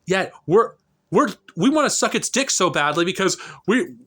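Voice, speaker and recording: A fired-up man in his thirties rants at his camera, his high voice swinging widely up and down. He sounds bright and forceful, swearing freely and stumbling over restarts as the frustration pours out. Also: big pitch swings, breathy edge. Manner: heated, profane, halting with frequent restarts. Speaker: political vlogger. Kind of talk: angry political rant to camera. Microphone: camera mic.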